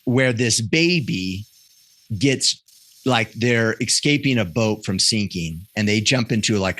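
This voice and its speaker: A man's voice: fairly low pitch, a bit bright, dry recording. A man in his thirties, a podcast guest, telling personal stories candidly and earnestly, often restarting his sentences. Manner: earnest, self-correcting storyteller with frequent restarts. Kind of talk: candid conversational interview.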